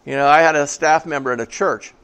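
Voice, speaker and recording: A pastor preaching to his congregation, a man with a somewhat high voice. He talks in an easy, conversational way and asks the room questions. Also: steady tone, quick pace, a bit bright, clear, resonant tone. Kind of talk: sermon. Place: church before a congregation.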